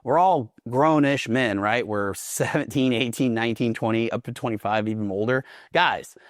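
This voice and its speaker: A man's voice: medium pitch, moderate pace, dry recording, clean studio sound. A man from Oklahoma telling stories casually as a guest, swearing often and laughing as he goes. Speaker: guest veteran. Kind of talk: casual storytelling.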